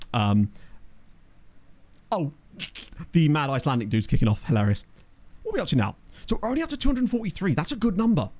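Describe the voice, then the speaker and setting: This man has a mid-range, darkish voice and chats casually as a let's play host, thinking aloud while answering viewer questions. He's in his home office, reading chat during gameplay commentary into a desktop USB condenser mic.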